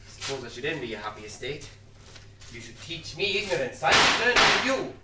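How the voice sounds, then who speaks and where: An actor playing a sardonic, needling older Irish soldier in a stage play, heard from far off in a roomy theatre. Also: male voice, a little high, very animated, a little fast. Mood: mocking. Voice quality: wry, theatrical, mocking. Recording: roomy theatre sound from far off, faint noise.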